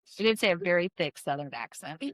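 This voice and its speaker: A woman's voice: fairly low pitch, animated, normal speed, no room sound. A woman podcast host casually telling a true-crime story, chatty and full of fillers and restarts. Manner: chatty, filler-heavy, self-correcting storyteller. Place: in-person podcast studio.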